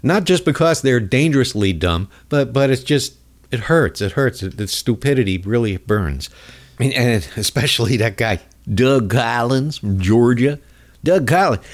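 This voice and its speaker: A man's voice: medium pitch, expressive, measured pace. A man hosting a comedic political rant in a mocking, rambling way. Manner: mocking, rambling, jumps into voices. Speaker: host.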